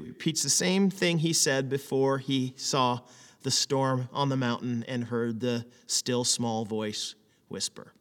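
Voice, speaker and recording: A man preaching a conversational sermon, animated and full of rhetorical questions. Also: mid-range voice, measured pace, long reverb tail. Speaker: pastor.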